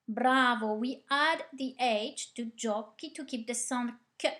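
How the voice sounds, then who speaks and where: Slow, patient woman teaching verbs. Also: on the high side, pushed and bright. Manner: repeats drills patiently, asks the class questions and praises. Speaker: language teacher. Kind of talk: slow, clear conjugation drill with explanations.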